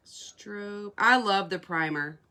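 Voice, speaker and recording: Bright-voiced woman gushing over makeup. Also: medium pitch, slow pace. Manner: chatty, gushing, answers viewer comments. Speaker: beauty product seller. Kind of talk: live makeup demo chat.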